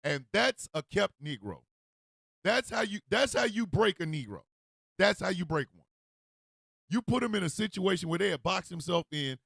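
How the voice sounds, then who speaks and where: Guy hosting a radio show, high gravelly voice, loud and animated, laughing a lot. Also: normal speed, no room sound, clean studio sound. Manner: animated, loud, laughs often, acts out street calls. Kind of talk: comedic commentary rant.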